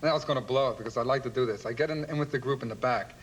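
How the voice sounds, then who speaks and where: A man with a Philadelphia accent hosting a talk show interview, telling quick jokes and laughing at his own gags. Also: medium pitch, poor audio. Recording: audible background noise.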